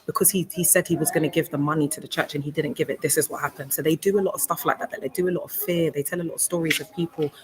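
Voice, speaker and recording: A woman's voice: low-pitched, steady tone, rapid-fire, few pauses, crowd noise, poor audio. A woman talking casually on a livestream from a hospital, emotional and rambling, greeting chat viewers by name. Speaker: livestreamer, cult survivor. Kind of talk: casual live-stream talk. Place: hospital room. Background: hospital background noise.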